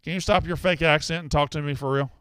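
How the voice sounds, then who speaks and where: A man's voice: a little high, fairly even intonation, fast, fairly bright tone, clean tone, no room sound. A man from the American South hosting a sports betting call-in show, brash and heated, often cutting callers off. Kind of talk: casual call-in sports talk.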